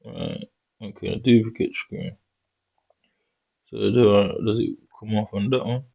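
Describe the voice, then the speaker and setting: A man's voice: lowish voice, little pitch movement, unhurried, creaky, mellow. A man from Jamaica with a Jamaican accent, muttering to himself with swearing and slang as he comments casually on his screen. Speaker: vlogger. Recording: dull lo-fi recording.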